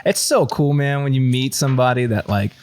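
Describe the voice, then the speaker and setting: A man co-hosting a podcast chats casually in a laid-back, slangy way. His voice is medium-pitched with a darkish tone, and he talks fairly quickly.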